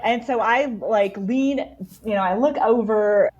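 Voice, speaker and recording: A woman guest on a podcast telling a story in a casual, animated way, peppering her talk with "like". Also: fairly high pitch, measured pace, dull audio, a little hiss or hum. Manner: animated, fills speech with "like".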